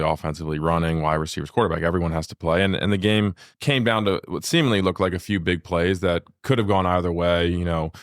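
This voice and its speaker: A young adult man co-hosting a family podcast, talking through the game in a measured, analytical way, like a sports announcer. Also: low-pitched, no echo, studio quality. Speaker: podcast co-host. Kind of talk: casual family podcast chat.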